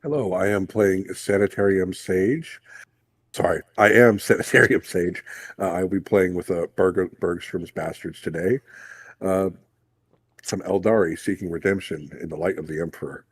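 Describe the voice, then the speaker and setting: Male player, low and husky, halting casual delivery. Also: no echo. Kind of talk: casual chat.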